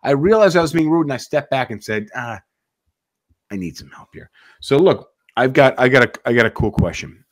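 A man's voice: medium pitch, lively intonation, normal speed, no room sound. A man hosting a podcast in casual chat, rambling and swearing, restarting his words often. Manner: rambling, profane, repeats words when starting. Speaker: podcast host.

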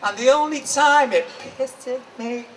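A man's voice: very high-pitched, measured pace. A man with a Liverpool accent performing a poem live at a book market, with a rhythmic, emphatic, dramatic delivery. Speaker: performance poet. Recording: distant mic, faint background noise.

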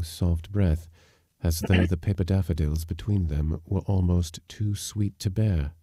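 A man narrating a short story in a measured, calm reading. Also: fairly low pitch, no echo, clean studio sound.

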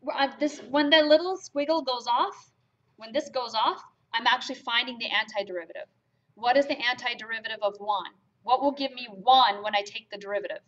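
A woman lectures a math class, pausing often to ask her students questions. Her voice sits a little high. The classroom recording sounds dull and lo-fi. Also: fairly bright tone. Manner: checks in with students, asks questions. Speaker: math teacher.

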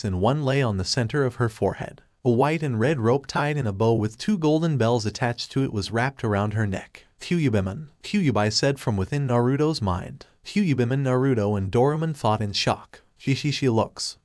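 A man narrating a fan-made story aloud in a steady, even reading voice. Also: medium pitch, dry recording, studio quality.

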